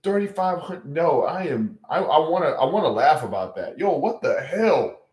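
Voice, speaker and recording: A man's voice: a little high, sing-song, moderate pace, a little mellow, reverberant. A young man hosting a livestream, chatting casually, incredulous and exclamatory, often repeating himself. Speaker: livestream host.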